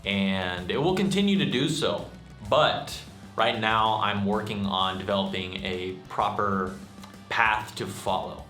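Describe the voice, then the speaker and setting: A man's voice: fairly low pitch, fairly bright tone. A young man casually rambling through a channel update, with frequent fillers and self-deprecating asides. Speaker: channel host and musician. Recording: echoey room with faint music.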